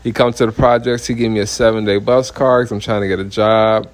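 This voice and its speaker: A man's voice: lowish voice, steady tone, a little fast. A man, a minister giving a heated, blunt personal testimony full of profanity and repeated "you know what I mean".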